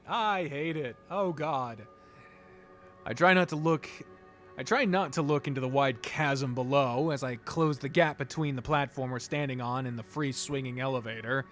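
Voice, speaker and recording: A man's voice: medium pitch, normal speed, faint music behind. A man playing a text game, reading the story aloud and chatting along, cursing freely. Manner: animated, swears freely. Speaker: let's play gamer.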